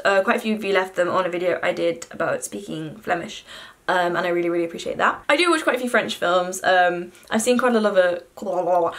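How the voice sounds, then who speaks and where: A woman's voice: medium pitch, fairly bright tone. A young woman, chatting to camera in a self-deprecating, casual way with the odd swear word. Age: young adult. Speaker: vlogger.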